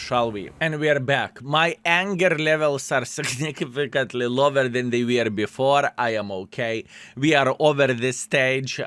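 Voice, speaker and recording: A man's voice: medium pitch, a bit bright, clear, resonant tone, dry recording. A man giving live commentary over his own gameplay, chatty and frank, often turning to viewers with tag questions, his English phrasing plainly non-native.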